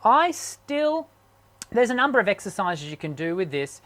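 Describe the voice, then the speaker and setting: A man hosting a live online chat as a singing teacher, his voice strained from sickness, talking haltingly with many ums and restarts. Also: sits high, very animated, a bit bright. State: sick, strained voice.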